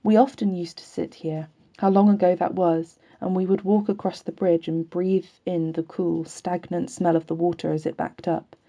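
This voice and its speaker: Low, mellow woman reading a novel. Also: flat delivery, normal speed. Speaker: audiobook reader. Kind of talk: novel read aloud.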